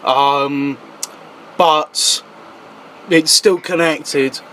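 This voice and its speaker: A male talk show host in loose, casual chat who jokes, swears and laughs a lot. He speaks slowly in a fairly high voice, with faint noise behind him. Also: steady tone, a bit bright, low-quality recording. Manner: jokey, swears freely, laughs often.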